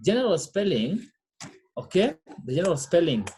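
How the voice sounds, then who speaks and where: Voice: medium pitch, sing-song, normal speed, darkish tone, a little hiss or hum. A teacher giving a French pronunciation lesson, drilling students and answering their own questions with "what?".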